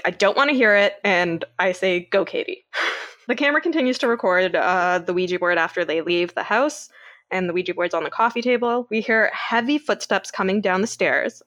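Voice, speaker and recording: A woman from Canada co-hosting a podcast, retelling a film scene by scene in a casual, animated way and swearing freely. Her voice sits at a middle pitch, and the recording is dry and close, with no room sound around it. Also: no echo. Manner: animated storyteller, laughs often, swears freely. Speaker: podcast co-host. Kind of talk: casual movie recap chat.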